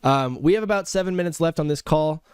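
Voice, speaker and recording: A man hosting a laid-back podcast, talking in a chatty way full of fillers and laughing easily with his guest. His voice is smooth and clear, recorded dry and close. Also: a little high, quick pace, a little mellow, dry recording. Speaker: podcast host. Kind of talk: casual podcast chat.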